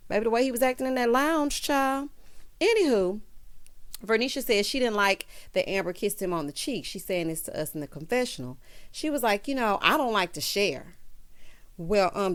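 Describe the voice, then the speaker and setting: A woman hosting a casual reality show recap, sassy and chatty, acting out the people she quotes. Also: mid-range voice. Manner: sassy, chatty, animated quoting of others. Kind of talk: casual commentary.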